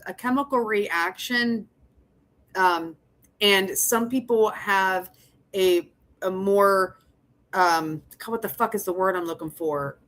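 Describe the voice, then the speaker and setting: A woman's voice: mid-range voice, fairly bright tone. A young woman hosting a casual livestream, chatting with her viewers, laughing often and swearing as she rambles. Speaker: livestream host.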